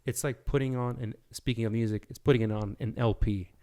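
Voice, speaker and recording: A man's voice: medium pitch, steady tone, brisk, dark tone. A man chatting as a podcast guest, rambling with many restarts and fillers. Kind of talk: casual chat.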